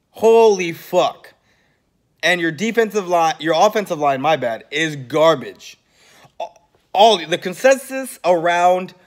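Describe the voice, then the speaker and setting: A man's voice: on the high side, a bit bright. A man ranting as a sports fan vlogger, heated and sarcastic, swearing often. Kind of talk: profane fan rant.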